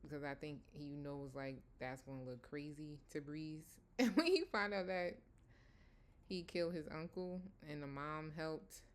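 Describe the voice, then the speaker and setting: A woman's voice: sits low, measured pace. A woman casually recapping a TV episode in a rambling, conversational way with many fillers. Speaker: TV episode reviewer.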